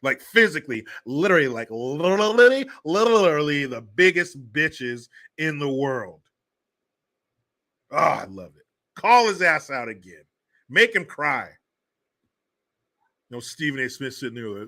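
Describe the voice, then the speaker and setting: Man, bright edgy voice, a bit high, profane livestream rant, mocking. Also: sing-song, unhurried, pauses often. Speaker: livestream host. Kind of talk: ranting commentary livestream.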